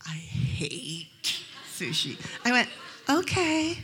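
A woman from Arizona giving a humorous faith talk to a live audience in a hotel event room. She tells lively stories and acts out the voices of the people in them. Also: medium pitch, moderate pace. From Arizona, USA. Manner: lively storytelling, acting out quoted voices. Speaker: speaker at a Christian event.

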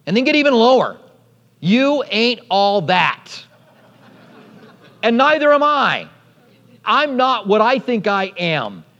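A man preaching a sermon as pastor, animated and storytelling, acting out quotes along the way. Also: extremely high pitch, takes it slowly, pauses often, long reverb tail, lo-fi sound.

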